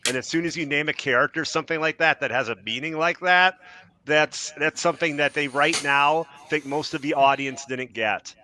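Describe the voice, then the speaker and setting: A man's voice: a little high, normal speed, pushed and bright, a little hiss or hum. A man on a casual group chat, making his points in an earnest, insistent way. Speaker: panelist.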